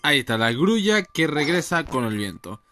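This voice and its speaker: Brief: man, relaxed let's-play talk with crude jokes. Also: on the high side, fairly quick, slight background noise. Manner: casual, swears freely. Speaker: game streamer. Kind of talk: casual let's play commentary.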